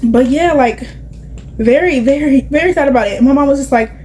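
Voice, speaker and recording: A woman's voice: high voice, fairly quick, a little mellow, a little hiss or hum, rough recording. A young woman, rambling and confiding as she chats through her makeup routine, with plenty of "like" and "you know". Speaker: vlogger. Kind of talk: casual chatty vlog while doing makeup.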